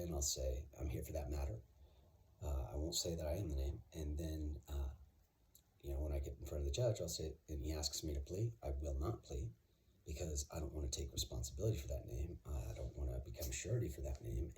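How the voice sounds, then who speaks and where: A man with an extremely deep, low voice talks in a loose, rambling way, sure of himself and full of ums and restarts. A faint hiss of background noise sits under his voice. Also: mellow. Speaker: vlogger. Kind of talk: casual monologue.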